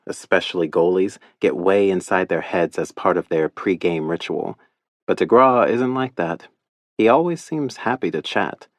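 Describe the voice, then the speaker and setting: A man's voice: low-pitched, no room sound. A man narrating a romance audiobook in the first person, with wry storytelling into a studio microphone.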